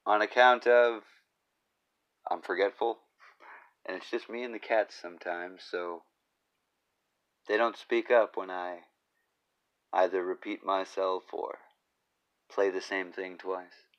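A man runs a comedic solo podcast monologue as its host, rambling through jokes with profane, self-deprecating asides. His deep voice carries a steady, fairly bright tone, delivered slowly with long pauses.

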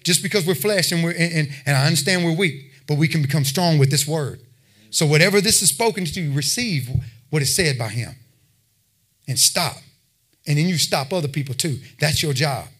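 A man's voice: fairly high pitch, animated, moderate pace, a bit bright, breathy edge. A man preaching a sermon, talking plainly with his listeners and building to emphatic exhortation. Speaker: pastor.

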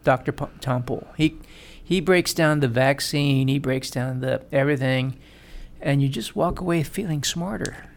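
A man co-hosting a casual sports podcast, animated and laughing, swearing freely and stumbling through restarts. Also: medium pitch, normal speed. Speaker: podcast co-host.

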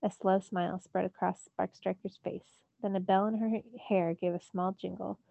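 Woman teacher, storybook read-aloud, mellow warm voice, dry dull recording. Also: medium pitch, moderate pace, gravelly, dry recording. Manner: expressive first-person narration. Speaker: teacher reading to students.

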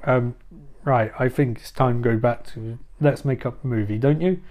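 A man's voice: mid-range voice, moderate pace, darkish tone, faint music behind. A man doing a rambling, crude improvised comedy monologue at home. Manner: rambling, crude, self-mocking.

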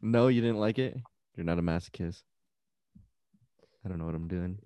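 Low mellow young guy, joking. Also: moderate pace, clean tone, no echo. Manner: joking, swears a lot. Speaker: podcast co-host. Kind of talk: casual chat with friends.

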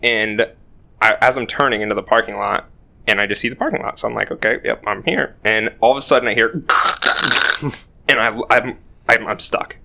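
A man's voice: fairly low pitch, fairly even intonation, a little fast, vocal fry, pushed and bright. A young man telling a rambling, self-deprecating story in casual podcast chat, swearing freely. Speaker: podcast co-host.

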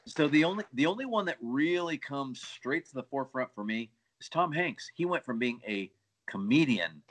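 A bright, forward-sounding man chatting enthusiastically on a podcast. He speaks at a middle pitch and throws in frequent exclamations. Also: lively intonation, moderate pace, a little hiss or hum. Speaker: podcast co-host. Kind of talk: casual chat.

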